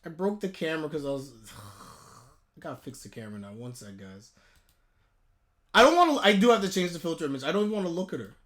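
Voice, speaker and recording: A man ranting in a live anime reaction, heated and exasperated, with sudden loud outbursts. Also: on the high side, big pitch swings, fast talker, pauses often.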